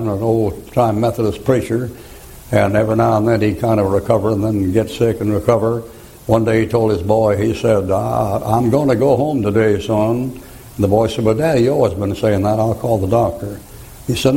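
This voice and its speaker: Gravelly older preacher. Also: male voice, lowish voice, poor audio. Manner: folksy storytelling, chuckling, rising to shouted rhymes. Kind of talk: folksy sermon with anecdotes.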